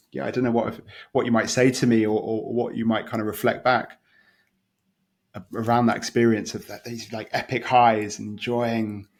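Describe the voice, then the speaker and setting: A man hosting a podcast, talking candidly and searchingly, stumbling and repeating words as he thinks out loud. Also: on the low side. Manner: candid and searching, with many stumbles and soft laughs. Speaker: podcast host and coach. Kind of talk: open conversational chat.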